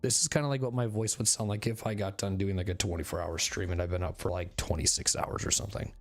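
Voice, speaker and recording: A hoarse man chats to his stream from his bedroom, his lowish voice a little raspy and worn. He rambles and restarts, leaning on fillers, with faint music playing behind him. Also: fairly even intonation. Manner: rambling, filler-heavy, halting. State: hoarse, recovering voice. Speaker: game streamer. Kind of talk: casual chat to stream viewers. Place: bedroom at home.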